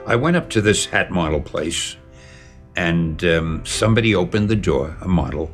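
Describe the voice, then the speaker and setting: An older man being interviewed, telling stories from his life in an animated, lively way and acting out the dialogue. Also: low-pitched. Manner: animated, lively storyteller who acts out dialogue. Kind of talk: storytelling interview.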